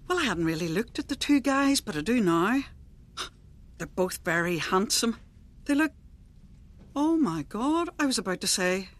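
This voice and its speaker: A woman narrating a scripted dramatic monologue in a confiding, lively storyteller manner. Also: fairly high pitch, normal speed.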